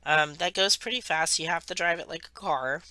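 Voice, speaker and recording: A woman's voice: on the low side, normal speed, pushed and bright, no echo. A woman from the United States, hosting a craft channel and rambling chattily through a travel story while she works. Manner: rambling, chatty, self-correcting.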